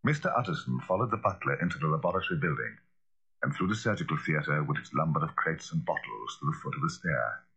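A man reading a classic novel as scripted narration, in a dramatic, expressive manner. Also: a bass voice, fast talker, gravelly, slightly rough. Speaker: audiobook narrator. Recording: dull lo-fi recording.

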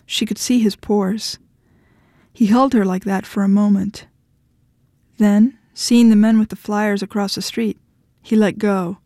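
A woman narrating fiction aloud in a measured, even way. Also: medium pitch, dry recording, studio quality.

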